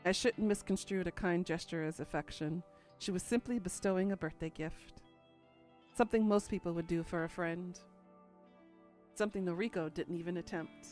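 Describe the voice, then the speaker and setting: A woman's voice: on the low side, normal speed, a little mellow, soft background music. A woman narrating a first-person story in a dry, musing, inward way.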